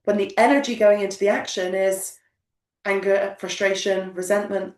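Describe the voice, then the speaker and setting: A woman coaching business owners, talking in an emphatic, motivational way and repeating her key lines. Her voice sits at a middle pitch. The room is echoey, and she sounds a little away from the mic. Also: fairly even intonation, moderate pace, a little mellow, far from the mic. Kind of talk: coaching session talk.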